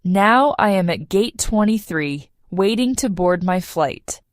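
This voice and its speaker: A woman narrating a simple first-person story for English learners, clear and measured. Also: mid-range voice, lively intonation, no echo, clean studio sound. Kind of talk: slow read-aloud story for learners.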